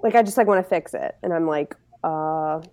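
A woman's voice: on the low side, fast talker, warm tone, dry recording, studio quality. A young woman on a casual podcast speaks earnestly and self-deprecatingly, packing her sentences with "like". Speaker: podcast co-host. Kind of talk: casual candid conversation.

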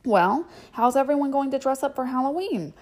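A woman's voice: medium pitch, animated, normal speed, a little mellow, lightly acted. A woman voicing a harried single mother, weary and wry, scolding her children at dinner. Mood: bright.

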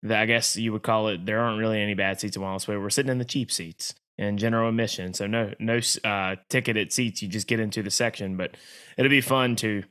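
Low, bright-toned man talking sports casually. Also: fast talker, clear, resonant tone. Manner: relaxed, conversational, some filler words. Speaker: podcast co-host. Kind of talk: casual chat, sports talk.

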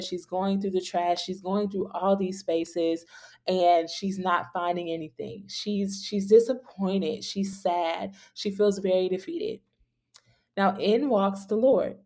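A woman's voice: on the low side, warm tone. A young woman hosting a faith podcast, telling a dream story in an earnest, casual way, full of "like" and "y'all". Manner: earnest, many fillers like "like" and "y'all". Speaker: podcast host.

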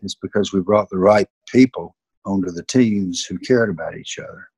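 Older Southern man, ex-coach guest, husky low voice, earnest storyteller. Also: normal speed, darkish tone, dry recording. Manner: earnest, emphatic. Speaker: former football coach, interview guest. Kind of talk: reflective storytelling in an interview.

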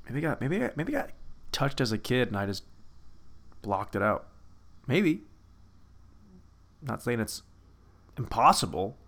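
A man hosting a podcast in a casual comedic rant, rambling, crude and self-mocking, swinging between loud bursts and low mutters. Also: big pitch swings, unhurried, long pauses.

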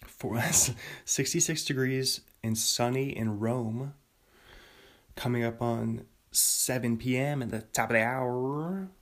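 A man's voice: medium pitch, slow. A man hosting a solo podcast in a rambling, self-amused way, often laughing at his own jokes. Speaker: podcast host.

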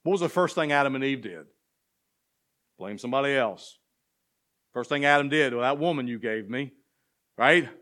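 At normal speed, with frequent pauses and a slightly bright mid-range voice, a man preaches to his church as pastor. He asks the congregation questions and works up to emphatic passages with growing intensity.

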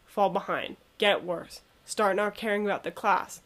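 A woman's voice: mid-range voice, steady tone, moderate pace, a bit bright. A teenage girl in casual chat about school, talking in a chatty, slangy way.

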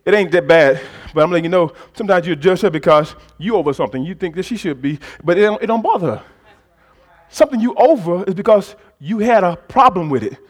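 High-voiced preacher swinging soft to shouting. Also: male voice, expressive, quick pace. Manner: swings from quiet conversational asides to loud shouted preaching; talks directly to the congregation with call-and-response prompts. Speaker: pastor. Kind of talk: sermon.

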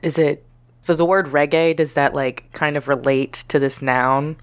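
Low-voiced woman chatting on a podcast, laid back, kinda hesitant, dry mic. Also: moderate pace, no room sound. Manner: relaxed, hesitant, lots of fillers. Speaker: podcast co-host. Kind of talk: casual podcast chat.

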